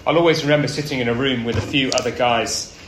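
A man preaching a sermon, earnest and storytelling, often dropping his voice low and soft for emphasis. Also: fairly even intonation, fast, background noise. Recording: roomy with faint ambience.

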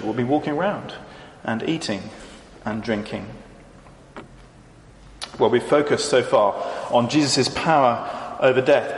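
Preacher in an echoey church hall. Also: male voice, medium pitch, slight background noise. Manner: measured expository preaching, reading verses aloud. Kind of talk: sermon. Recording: echoey hall with long reverb, faint ambience.

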